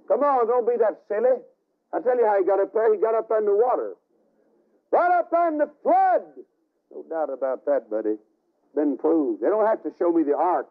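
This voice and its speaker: Fiery preacher on a tinny old broadcast. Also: male voice, on the high side. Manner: dramatic storytelling with sudden shouts and hushed asides. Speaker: evangelist. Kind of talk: fiery revival sermon. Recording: tinny archival radio broadcast.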